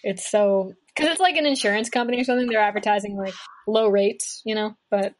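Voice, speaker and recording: A woman's voice: medium pitch, fairly quick. A young woman from Kentucky, a guest musician in casual chat, rambling and chatty with lots of filler words.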